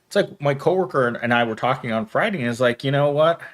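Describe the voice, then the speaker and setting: Man in his thirties, casual stream host, rambling, animated pitch, reads chat aloud. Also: fast talker. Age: 30s. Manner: rambling, laughs often, reads comments aloud. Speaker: livestream host reading viewer chat.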